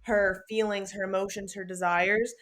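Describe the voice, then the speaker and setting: A young adult woman co-hosts a podcast, recapping a book in casual chat with a medium-pitched voice at normal speed. She's animated and sweary, performing the characters' lines.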